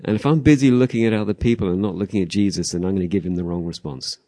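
A man with a very low, mellow voice shares a reflection at a church gathering. He talks informally, corrects himself mid-sentence and acts out the exchanges he retells. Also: racing. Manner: chatty, self-correcting, acts out dialogue. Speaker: church member sharing a reflection.

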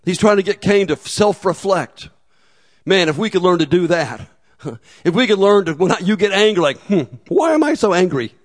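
A man preaching a sermon in a relaxed, conversational way, with humor and acted asides. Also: high-pitched, normal speed. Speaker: pastor.

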